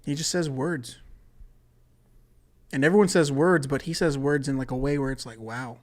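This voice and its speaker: Here a male podcast host riffs alone on a comedy show, talking at normal speed in a slightly high, steady, somewhat mellow voice. He wanders off topic, curses, and breaks off his own sentences.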